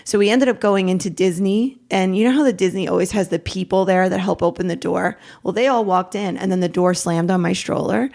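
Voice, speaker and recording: A middle-aged woman, a podcast guest, telling a raw personal story in a rambling, animated way, acting out what each person said. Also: fairly low pitch, brisk, vocal fry, hardly any pauses. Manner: rambling, animated retelling with quoted dialogue.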